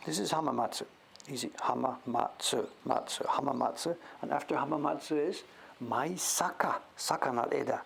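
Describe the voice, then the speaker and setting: A man hosting a casual show-and-tell, thinking aloud as he sounds out names, sometimes dropping to a whisper and breaking into excited praise. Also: medium pitch, moderate pace, vocal fry, slight background noise. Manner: drops to whispers now and then. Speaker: host.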